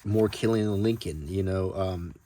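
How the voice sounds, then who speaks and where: A man casually talking through his book collection in a soft, meandering way, full of ums and restarts, sometimes reading old newspaper text aloud. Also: low-pitched, moderate pace, dry recording. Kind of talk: casual, unscripted talk about his books.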